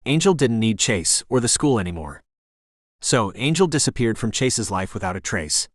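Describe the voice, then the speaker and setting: Casting: male audiobook narrator, steady delivery, lowish voice, dry close sound. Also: moderate pace, dry recording. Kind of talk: scripted narration.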